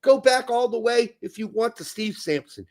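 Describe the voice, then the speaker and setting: High-voiced ranting podcast host, a man. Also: expressive, moderate pace. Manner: ranting, profane, sarcastic. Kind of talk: casual chat.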